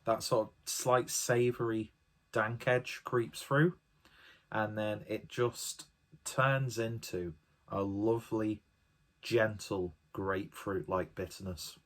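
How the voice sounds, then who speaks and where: Man, casual beer review, chatty, enthusiastic, rambling, lowish voice. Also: steady tone, slow.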